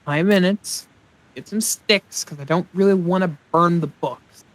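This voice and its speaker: A man with a fairly high voice talks through a survival game as he plays it. He rambles and thinks aloud, and he pokes fun at his own mistakes in a casual, self-mocking way. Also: measured pace. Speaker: let's play host. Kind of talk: casual gameplay commentary.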